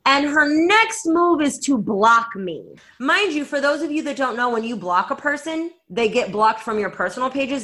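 Bright-voiced woman telling a lively story. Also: medium pitch. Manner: animated storytelling, frequent "like" fillers. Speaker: podcast co-host. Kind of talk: casual chat.

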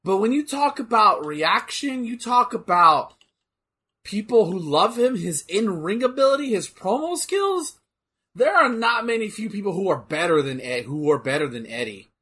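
A young man chatting casually while watching wrestling, animated and rambling, with lots of fillers and swearing. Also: high voice, normal speed, husky. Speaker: co-commentator.

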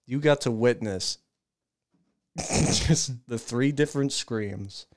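A man's voice: mid-range voice, takes it slowly. A young man co-hosting a podcast, joking along and egging on his friend's story with quips. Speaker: podcast co-host. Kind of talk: casual chat.

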